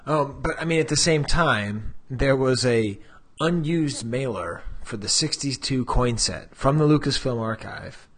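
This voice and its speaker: A man's voice: medium pitch, animated, measured pace, hardly any pauses, slightly rough. A man co-hosting a podcast in casual chat, joking and drifting off on tangents. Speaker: podcast co-host.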